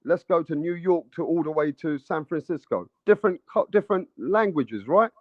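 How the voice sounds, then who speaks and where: A man's voice: fairly high pitch, lively intonation, moderate pace, no room sound. A man from East London with an East London accent, co-hosting a boxing podcast in a blunt, swearing, casual way. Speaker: podcast co-host. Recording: dry, dull lo-fi sound.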